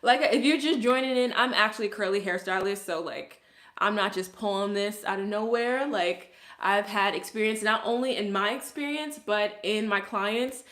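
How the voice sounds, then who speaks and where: Speaking with a Brooklyn accent, this young woman from Brooklyn, New York, is a curly hairstylist chatting her way through a hair tutorial, laughing a lot and saying "like" constantly. Her mid-range voice is a bit bright and moves at normal speed in an echoey room.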